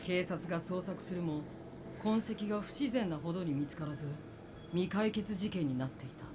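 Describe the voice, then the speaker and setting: A woman voicing a grave young game heroine, fast-paced. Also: on the low side, darkish tone, slight background noise, lightly acted. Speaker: game character. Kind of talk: Japanese game voice acting.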